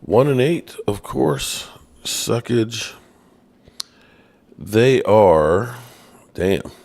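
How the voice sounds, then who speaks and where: A man hosting a casual live-stream sports show, reading the chat aloud in a playful, self-mocking way. His voice leaps high when he gets exasperated. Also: animated, drawn-out words, a little mellow.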